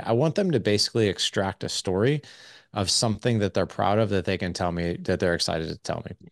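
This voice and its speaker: Deep-voiced man, lively guest talk. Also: brisk, no room sound, studio quality. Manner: energetic, acts out quoted dialogue; casual, swears lightly. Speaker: podcast guest, parenting coach. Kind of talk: casual interview conversation.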